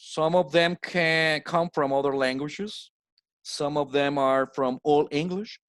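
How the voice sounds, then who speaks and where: A Colombian man whose first language is Spanish, teaching English plurals in a slow recorded slide lesson and repeating each word for drill. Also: fairly high pitch, a bit bright, no room sound. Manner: repeats words slowly with stressed drills.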